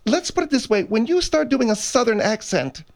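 A man on a comedic talk radio show, teasing the host in a deadpan way. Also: extremely high pitch, normal speed. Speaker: radio show staff member.

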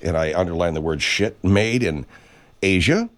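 A man's voice: sits low, moderate pace, a bit bright. A man delivering an angry, profane, sarcastic political rant as a commentary host.

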